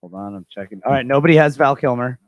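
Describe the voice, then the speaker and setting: A man's voice: medium pitch, fast talker, no echo, lo-fi sound. A man co-hosting a morning radio show, laid-back and laughing along. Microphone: studio microphone.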